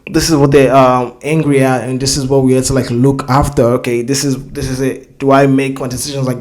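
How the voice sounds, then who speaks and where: Man, reaction host, casual rambling talk, frequent swearing, mid pitch. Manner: rambling, swears often, searches for words.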